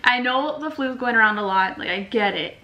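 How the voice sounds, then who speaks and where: A young woman casually telling a story on her vlog with her partner, chatty and animated, acting out what people said. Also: on the high side, brisk, poor audio. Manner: animated, chatty, acts out quotes.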